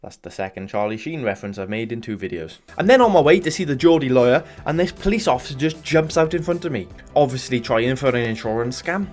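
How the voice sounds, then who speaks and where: A man's voice: mid-range voice, brisk, few pauses. A British man giving sweary, sardonic comedic voice-over commentary on a game. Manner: sardonic, sweary deadpan jokes. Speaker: gaming YouTuber.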